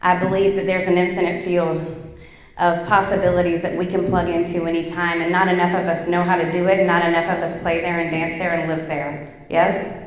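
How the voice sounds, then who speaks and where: Animated woman speaker in an echoey hall. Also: fairly low pitch, fairly quick. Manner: animated, chatty, many fillers. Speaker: workshop speaker. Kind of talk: motivational talk with storytelling.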